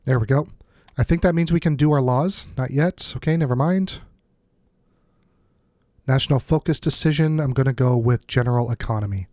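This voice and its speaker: A man with a blocked nose chats his way through a strategy game, muttering asides as he works things out. His voice sits at an average pitch, recorded close and dry with no room around it. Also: moderate pace, a little mellow, dry recording. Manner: thinks aloud, muttering asides. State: stuffed-up nose. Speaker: let's play host. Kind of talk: casual strategy game commentary.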